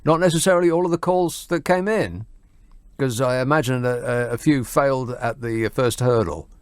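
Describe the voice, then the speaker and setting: A man's voice: mid-range voice, no echo. A man hosting a radio phone-in with a dry, self-mocking wit. He hesitates and fills gaps with ums and uhs. He is close on a studio microphone in a dead, dry room. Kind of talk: late-night radio phone-in.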